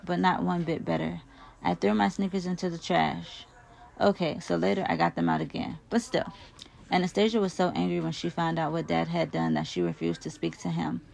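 A woman reads a first-person novel aloud, her voice low-pitched and full of gravelly fry. She reads expressively, getting louder when the characters shout. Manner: emotive, raises volume for shouted lines. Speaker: audiobook reader.

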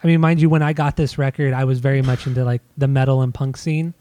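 A man's voice: medium pitch, steady tone, fast, dark tone, dry recording. A man co-hosting a casual music discussion, insistent and restarting his sentences often. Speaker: podcast co-host.

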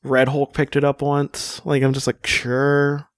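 A man's voice: mid-range voice, monotone, moderate pace, no echo. A man chatting casually as a podcast co-host, rambling with many fillers and restarts and joking around. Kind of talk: casual chat.

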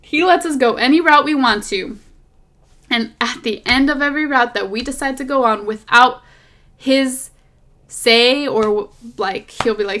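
A woman's voice: high-pitched, normal speed. Chatty woman rambling on a voice memo. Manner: rambling and animated, drifting off topic, lots of fillers. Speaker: podcast host. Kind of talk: casual faith chat recorded as a voice memo. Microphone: phone voice memo.

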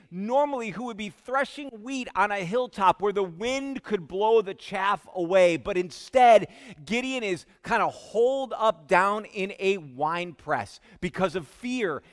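A man preaching a sermon as pastor, slow and emphatic, dropping to a hush on key words. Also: high-pitched. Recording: long hall reverb.

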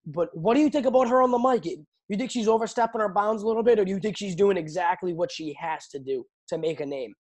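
Young male host, higher pitch, casual animated fight talk, laughs a lot, stammers. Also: quick pace, few pauses. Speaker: podcast host. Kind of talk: casual chat about fights.

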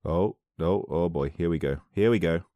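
A man's voice: sits low, moderate pace, mellow, no echo, clean studio sound. A man reading strange news articles aloud and reacting with sarcastic, rambling asides. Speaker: video host.

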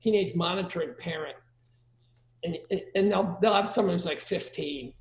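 A man's voice: high-pitched, moderate pace, creaky. A middle-aged man giving crude, joking parenting advice in a casual conversation.

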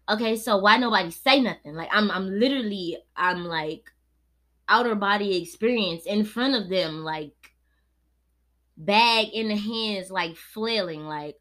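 A woman's voice: medium pitch, measured pace, a bit bright. Host, woman in her late twenties, casual profane storyteller, laid-back one moment and heated the next. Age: 20s. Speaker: podcast host.

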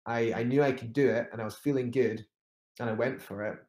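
A man's voice: mid-range voice, fairly even intonation, fairly quick, darkish tone. Man, interview guest, rambling storyteller, roomy echo. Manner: rambling with many restarts and fillers. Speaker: climber guest.

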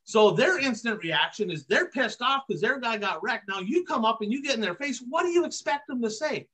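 A man's voice: very high-pitched, expressive, fairly quick, hardly any pauses, fairly bright tone, breathy edge. A man hosting a racing podcast, ranting emphatically in casual commentary and hammering his points with repeated catchphrases. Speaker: podcast host. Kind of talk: heated casual commentary on dirt track racing.

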